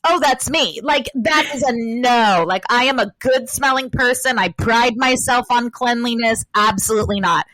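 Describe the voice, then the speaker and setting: A woman's voice: on the high side, moderate pace, few pauses, fairly bright tone, no room sound, rough recording. A woman talking as a podcast guest in a casual chat, rambling with lots of fillers. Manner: chatty, rambling, with many fillers.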